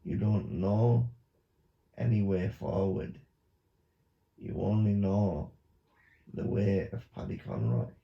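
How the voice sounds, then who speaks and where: A man, a YouTuber, giving a mock hypnosis monologue with slow, repetitive, coaxing instructions. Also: lowish voice, lively intonation, creaky. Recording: dull lo-fi recording.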